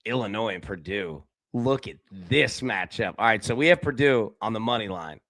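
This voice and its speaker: A man hosting a live sports betting talk show, chatting casually and addressing viewers by name, swinging between loud excited bursts and quiet low asides. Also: moderate pace, no echo. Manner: talks directly to chat viewers by name. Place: indoor room with a window.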